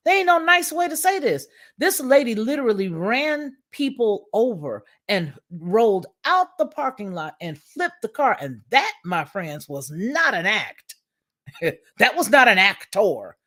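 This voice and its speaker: A woman hosting a livestream commentary, speaking in with an emphatic, preachy, repetitive manner. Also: mid-range voice. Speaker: commentary channel host.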